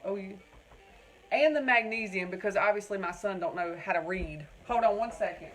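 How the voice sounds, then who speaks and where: A woman's voice: medium pitch, normal speed, a bit bright, soft background music, rough recording. Chatty North Carolina woman. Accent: North Carolina Southern. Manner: chatty, rambling, keeps calling viewers "y'all" and reading out their comments. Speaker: crafting livestream host. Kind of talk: casual live-stream chat.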